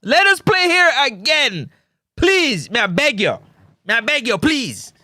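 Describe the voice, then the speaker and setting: A man's voice: very high voice, big pitch swings, a little slow, pushed and bright, no echo, studio quality, full character voice. A Jamaican man mimicking a football coach who begs over and over to play somewhere again. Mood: mock pleading. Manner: mock-pleading, repetitive.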